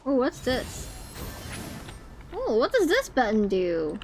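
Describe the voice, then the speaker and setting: A woman's voice: fairly high pitch, wildly swooping pitch, takes it slowly, slight background noise. A woman live-streaming a game, chatting to her viewers in a rambling, chatty way and squealing when startled. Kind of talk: casual live-stream chat. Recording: game music behind the voice.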